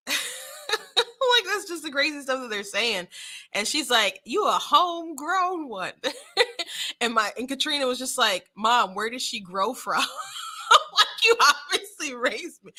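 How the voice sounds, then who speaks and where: A young woman talks through the day's politics in a loose, chatty way, laughing often and tripping over her restarts. Her voice sits a little high and sounds bright and forceful. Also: sing-song, a little slow, long pauses. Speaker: political commentary host. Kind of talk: casual political commentary.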